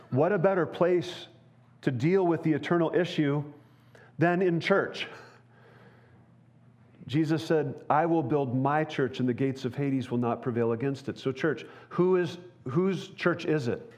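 A man's voice: fairly high pitch, measured pace, darkish tone. Earnest man preaching a sermon. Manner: earnest, conversational preaching with rhetorical questions. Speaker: pastor. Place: church.

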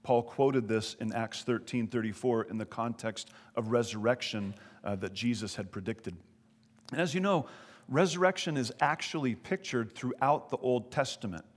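A man's voice: mid-range voice, moderate pace. A man preaching a sermon as pastor, telling a story with earnest, emphatic rises in his voice. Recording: long hall reverb.

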